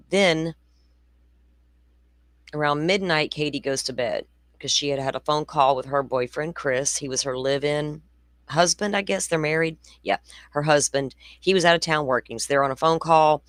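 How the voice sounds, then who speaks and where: A woman's voice: deep voice, moderate pace, no room sound. A woman in her forties hosting a true crime show, talking in a chatty, blunt way with rambling asides. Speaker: true crime podcast host. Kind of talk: casual livestream commentary.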